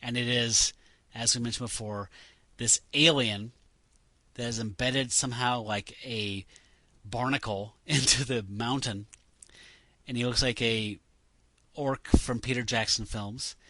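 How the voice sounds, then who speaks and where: A man co-hosting a podcast, chatting in an animated, rambling way. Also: medium pitch, measured pace, dry recording. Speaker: podcast co-host. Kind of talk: casual chat.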